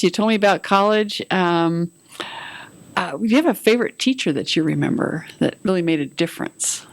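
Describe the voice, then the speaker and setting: A woman hosting a local community interview show, asking gentle questions with frequent pauses and fillers. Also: fairly low pitch.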